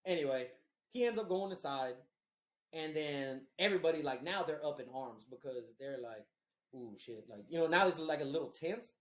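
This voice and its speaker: A man's voice: a little high, animated, a little fast, a bit bright. A man hosting a podcast, telling a long story in a casual, rambling and profane way. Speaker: podcast host. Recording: roomy echo.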